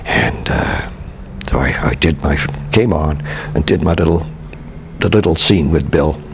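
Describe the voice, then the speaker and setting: An older man from Canada, a veteran stage actor, recalling his career in an interview with halting restarts and chuckles. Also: rumbling low, vocal fry, noisy background. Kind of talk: reminiscing interview.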